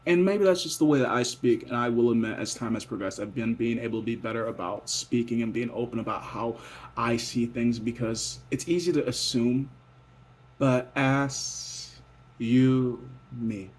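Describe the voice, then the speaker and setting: A man's voice: medium pitch, a little fast, breathy edge. A young man vlogging a rambling, profane late-night monologue that drifts between mutters and whispers.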